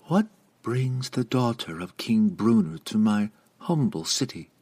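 A man voicing a gracious noble lady mage who speaks politely in a measured, hushed way. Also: fairly low pitch, lively intonation, breathy edge. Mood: gentle, polite.

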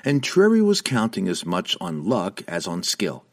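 A man narrating a fantasy audiobook with a dramatic, expressive reading. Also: low voice, moderate pace.

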